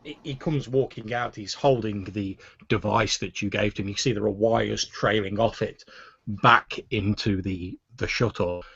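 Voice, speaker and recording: A man's voice: lowish voice, unhurried, creaky, fairly bright tone, slightly rough. A man narrating as game master, recorded with dull lo-fi sound. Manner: descriptive narration.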